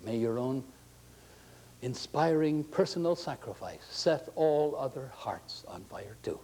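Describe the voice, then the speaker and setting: A man's voice: mid-range voice, lively intonation, unhurried, a little hiss or hum, low-quality recording. A man giving an inspirational talk to a faith gathering, folksy and joking with his listeners. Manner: folksy, joking, warmly conversational.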